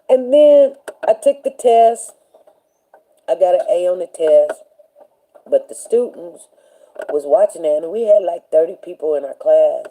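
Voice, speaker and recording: A woman's voice: deep voice, animated, normal speed, warm tone, rough recording. A woman hosting a show, telling a long personal story in a rambling, casual way and acting out the people she quotes. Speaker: show host.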